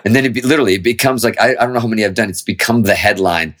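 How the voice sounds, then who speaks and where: A man's voice: on the low side, rapid-fire, fairly bright tone. A man, a musician guest in an interview, telling a long story casually with lots of swearing and restarts. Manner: rambling, profane, with frequent restarts.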